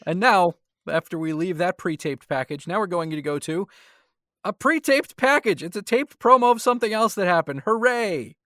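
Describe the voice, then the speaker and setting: A man's voice: high-pitched, brisk, few pauses, pushed and bright, no echo, studio quality. A man co-hosting a podcast, chatting casually with wry, sarcastic asides. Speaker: podcast co-host. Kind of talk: casual chat.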